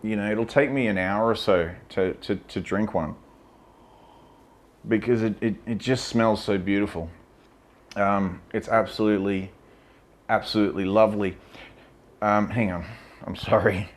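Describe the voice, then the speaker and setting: A man with a fairly low voice talks casually about whisky, blunt and opinionated, swearing freely. He chats loosely with plenty of fillers as he tastes. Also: steady tone, measured pace, pauses often. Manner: chatty with many fillers. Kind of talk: casual whisky tasting talk. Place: lives in Vietnam.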